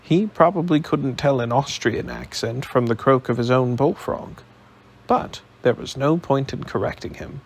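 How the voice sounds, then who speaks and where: A man narrating an audiobook in a steady, even storytelling manner. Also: mid-range voice, normal speed, gravelly, breathy edge.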